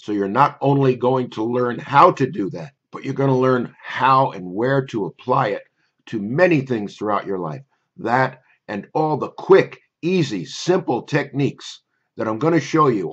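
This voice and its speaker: An older man, a memory course instructor, telling a personal story in a wry, conversational way before pitching his course. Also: breathy edge, highs cut off.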